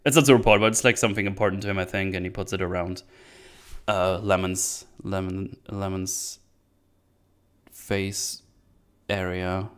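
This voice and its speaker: Rambling man recapping a movie, smooth voice. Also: low voice, steady tone, normal speed, pauses often. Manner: rambling, laughs often, many restarts. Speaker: podcast host reviewing a movie. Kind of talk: casual solo movie recap.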